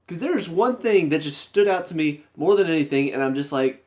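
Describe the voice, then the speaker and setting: A man's voice: a little high, expressive, brisk, few pauses, a little mellow. A young man doing a video review of a TV episode, ranting in an exasperated, sarcastic way with lots of repetition. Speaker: TV show reviewer.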